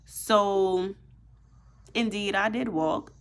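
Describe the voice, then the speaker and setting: Animated, profane young woman storyteller. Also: mid-range voice, drawn-out words, clean tone. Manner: animated, profane, emphatic, heavy use of "like". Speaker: vlogger. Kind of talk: casual storytime monologue.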